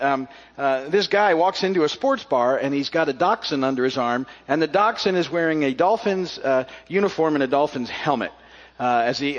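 A man preaching a sermon as pastor, telling a story in a folksy way with many fillers and restarts before reading scripture. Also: fairly high pitch. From South Florida. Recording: muffled recording with long hall reverb.

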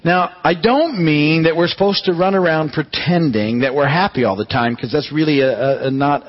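Relaxed pastor giving a chatty sermon. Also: male voice, fairly high pitch, moderate pace, lo-fi sound. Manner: relaxed, chatty teaching with light humor. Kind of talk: conversational sermon.

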